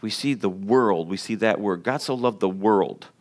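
A man's voice: on the low side, normal speed. A man preaching a sermon to a congregation. He talks in a conversational way, jokes with the listeners and repeats words for emphasis. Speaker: pastor.

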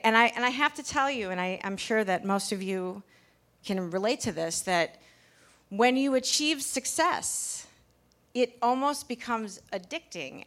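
A woman's voice: medium pitch, a bit bright. A woman pastry chef telling a candid personal story to a live audience in a packed bar, chatty and full of restarts. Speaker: pastry chef giving a talk.

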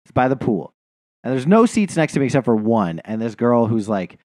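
A man's voice: mid-range voice, sing-song, a little fast, warm tone, no room sound, clean studio sound. A man co-hosting a podcast, telling a long, rambling story in casual chat, swearing and laughing often. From New Jersey. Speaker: podcast co-host.

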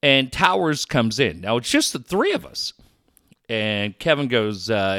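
Lively, bright-voiced male talk host. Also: medium pitch, a little slow, dry recording, clean studio sound. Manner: animated, profane, laughs through the story. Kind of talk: casual storytelling chat.

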